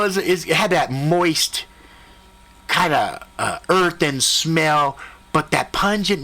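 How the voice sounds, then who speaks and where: A man telling a comic story in an animated, profane way, jumping into voices and sound effects. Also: on the high side. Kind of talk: comedic spoken storytelling.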